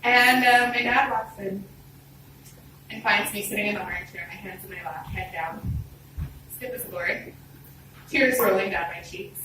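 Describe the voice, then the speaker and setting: A woman telling a personal story on a live storytelling stage, expressive, conversational and self-deprecating. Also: medium pitch, normal speed, pauses often. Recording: roomy hall, distant mic, background noise.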